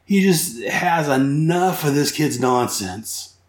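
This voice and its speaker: A man's voice: on the high side, expressive, slow, reverberant. A man hosting a podcast, recapping comics casually in a rambling, enthusiastic way that corrects itself as he goes. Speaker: comic book podcast host.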